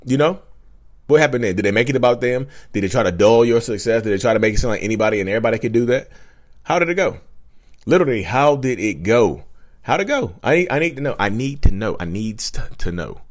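A man hosting a casual advice vlog, talking straight to viewers, animated and repetitive. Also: mid-range voice, fast. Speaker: channel host.

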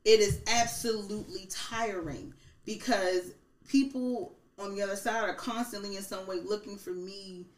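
A woman's voice: mid-range voice, fairly even intonation, moderate pace. A woman from Baltimore, a podcast guest, talking candidly and emphatically in a casual chat. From Baltimore, USA. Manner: candid and emphatic, quotes people animatedly. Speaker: podcast guest, plus size model. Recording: roomy echo.

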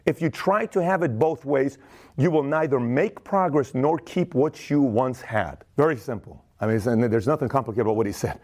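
A man's voice: medium pitch, moderate pace, darkish tone. A man hosting a podcast, giving a casual, emphatic motivational talk in plain words, often acting out other people's voices. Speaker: podcast host.

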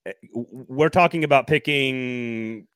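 Male sports podcast host, mid-pitched. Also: measured pace, fairly bright tone, clean tone, no room sound, clean studio sound. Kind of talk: casual sports chat.

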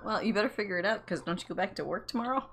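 A woman co-hosting a podcast in casual chat, jumping in with quick remarks and questions. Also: medium pitch, a bit bright. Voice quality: quick, chatty interjections. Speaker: podcast co-host.

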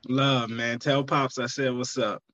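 A man's voice: mid-range voice, little pitch movement, unhurried, a bit bright, no echo, dull audio. A man guesting on a podcast, talking in a laid-back, easygoing way with fillers. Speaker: guest musician. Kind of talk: casual chat.

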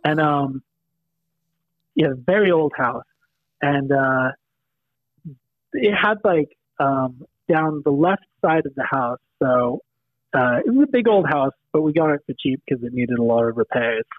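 A man's voice: mid-range voice, animated, measured pace, pauses often, dry recording. Mancunian man telling stories over a tinny line. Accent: Manchester English. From England. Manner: rambling, laughing storyteller with many ums. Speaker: podcast guest storyteller. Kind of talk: casual chat. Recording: dry, tinny phone-like line.

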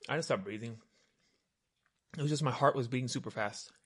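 A man's voice: medium pitch, fairly quick, fairly bright tone, husky. A man co-hosting a podcast, cutting in with dry jokes and short remarks in casual chat. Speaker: podcast co-host.

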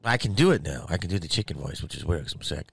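A comedian, currently sick with covid, telling a rambling, heavily profane story in a casual monologue. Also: male voice, low-pitched, lively intonation, fast, vocal fry, breathy edge. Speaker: stand-up comedian.

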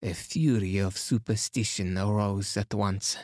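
A man reading aloud as a fastidious elderly detective, speaking gently and gravely. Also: fairly low pitch, steady tone, no room sound, studio quality. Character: fastidious elderly male detective, calm and placid.

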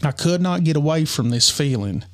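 Podcast co-host: man, slightly high voice, earnest and halting storyteller. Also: animated. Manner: earnest, halting, many restarts. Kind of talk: personal storytelling.

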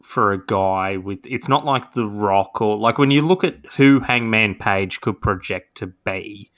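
A man's voice: fairly low pitch, measured pace, a bit bright. A man co-hosting a podcast in casual chat, making dry, wry jokes between many fillers. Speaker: podcast co-host.

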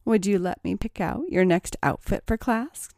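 A woman's voice: mid-range voice, moderate pace, gravelly, a little mellow, no echo, clean studio sound, lightly acted. A woman voicing a bossy young woman who teases and commands her partner. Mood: teasing. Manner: teasing, commanding. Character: bossy young woman, teasing dominant mistress.

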